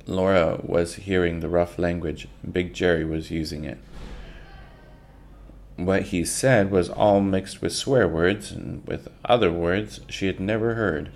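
A man reads a children's book aloud in a very deep voice. He takes his time, going slowly and plainly, and sometimes stumbles and restarts a word. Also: fairly even intonation, gravelly. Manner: unhurried reading with small slips and restarts.

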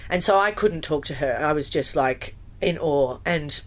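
A woman, a musical theatre performer chatting in an interview, animated and full of fillers and restarts. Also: sits low, moderate pace. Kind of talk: casual interview storytelling.

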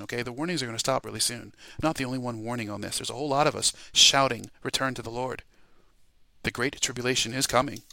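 Gravelly, urgent man preaching warnings. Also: mid-range voice, bright, forceful tone, dry recording. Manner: urgent, repetitive, exhorting. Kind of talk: fiery warning sermon. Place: home, podcast voice message.

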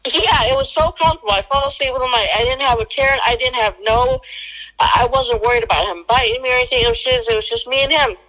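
A woman's voice: high voice, quick pace, a bit bright, poor audio. A woman telling a personal story as a guest in a casual conversation, acting out the quoted lines. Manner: acts out quoted dialogue.

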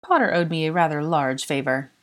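Haughty witch in disguise, low voice, clipped and evasive, read by a woman. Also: animated, fairly quick.

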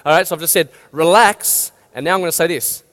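A man's voice: on the high side, quick pace, fairly bright tone. A man, preaching an earnest, direct sermon. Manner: earnest, direct, rallying exhortations. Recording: long hall reverb.

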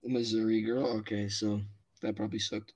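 A man's voice: on the low side, flat delivery, moderate pace, a little mellow. A teenage boy co-hosting a podcast, joking around and turning dramatic. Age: teens. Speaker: podcast co-host. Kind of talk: casual chat.

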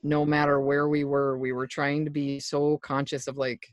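A man with a slightly high voice chats loosely on a podcast, wandering from story to story and laughing as he goes. The sound is dry and close, with no room to it. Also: completely flat delivery, normal speed, no echo. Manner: rambling, chatty, laughs often. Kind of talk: casual chat.

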